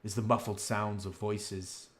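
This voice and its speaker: A man's voice: fairly low pitch, flat delivery, a little slow. A man narrating a tabletop game as game master, rambling with many fillers.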